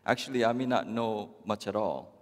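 A man preaching a sermon as pastor, talking to the congregation in a wry, conversational way with long pauses. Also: fairly low pitch. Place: church. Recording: long church reverb.

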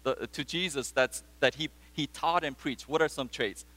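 A pastor's sermon mixes storytelling with questions for the congregation, delivered at a moderate pace. He has a voice on the high side, a bit bright, and it carries a big-room sound.

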